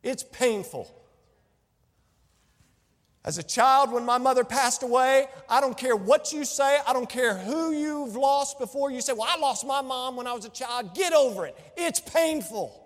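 A man's voice: very high voice, moderate pace, few pauses, long reverb tail. A man preaching a sermon as pastor, impassioned and repeating phrases for emphasis.

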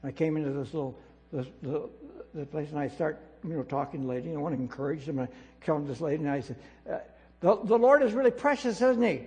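A man preaching a sermon as pastor, emphatic and repetitive, swinging between loud declarations and quiet asides. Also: on the high side, fairly even intonation, quick pace. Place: church sanctuary. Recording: reverberant hall with mains hum.

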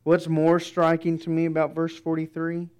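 A pastor preaching a sermon, emphatic, with dramatic soft pauses. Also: male voice, fairly high pitch, completely flat delivery, smooth.

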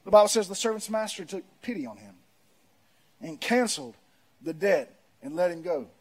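High-voiced preaching man. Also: sing-song, moderate pace, slightly rough. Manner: swings from loud emphatic preaching to quiet reflective storytelling. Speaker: pastor. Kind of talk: sermon.

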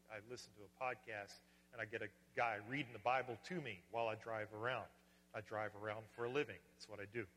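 A man's voice: medium pitch, a bit bright, slight background noise. Man preaching in a reverberant hall. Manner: earnest, rising to fervent wonder. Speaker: pastor. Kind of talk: sermon.

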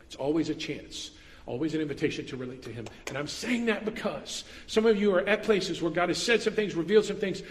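A man's voice: on the high side, animated, a little fast, long reverb tail. A man preaching an earnest sermon as pastor, stressing points with repetition.

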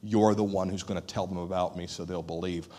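Male pastor, sermon, low-pitched voice, earnest, hushed emphasis, animated quoted dialogue. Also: brisk.

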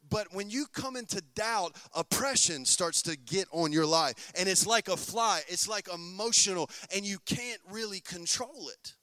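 A pastor preaches a sermon in a high, bright voice and keeps turning to his listeners with call-and-response questions. The sound is dry and close. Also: no room sound.

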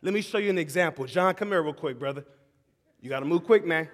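Animated preacher man in a reverberant hall. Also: fairly high pitch, quick pace, a little hiss or hum. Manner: swings from shouting excitement to hushed, tender tones; calls out to the audience as "y'all". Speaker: pastor. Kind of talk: sermon.

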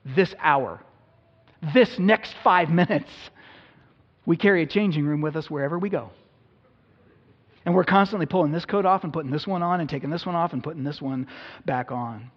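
A man pastor delivers a sermon in a conversational, self-deprecating way. His voice sits a bit high with a husky edge. The audio is dull and carries a long echo from a large church hall. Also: moderate pace, pauses often. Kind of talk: Easter sermon.

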